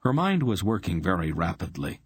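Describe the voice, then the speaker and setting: A man narrating an audiobook with a measured, expressive reading. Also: low-pitched, husky, no echo. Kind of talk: scripted narration.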